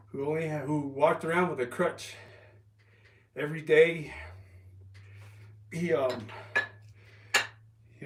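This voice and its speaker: A man chatting casually on a livestream, rambling and halting with ums and restarts while resting an injured calf. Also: fairly high pitch, slight background noise. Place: home, lifting weights while streaming. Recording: roomy, from a distance.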